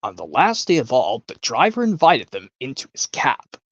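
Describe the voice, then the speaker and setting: A speaker doing a hushed older storybook narrator. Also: medium pitch, huge pitch swings, normal speed, no room sound, lo-fi sound. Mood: gentle storytelling. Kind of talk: impression of a children's TV narration.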